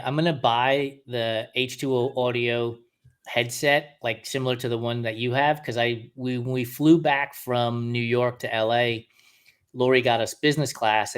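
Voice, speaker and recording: A man's voice: medium pitch, a bit bright, clear, resonant tone. A middle-aged man co-hosting a podcast, chatting casually, laughing often as he reads out listener song picks. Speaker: podcast co-host. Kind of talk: casual chat.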